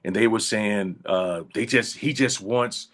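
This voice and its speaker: A man, an actor being interviewed, telling funny anecdotes in a casual, animated way, slipping into voiced quotes. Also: lowish voice, measured pace. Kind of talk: casual storytelling.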